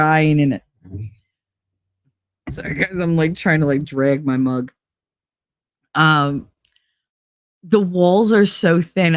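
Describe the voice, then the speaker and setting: A woman's voice: low voice, no room sound. Young woman streaming, blunt and sweary, joking around, dead dry mic. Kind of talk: casual chat reading online quizzes aloud.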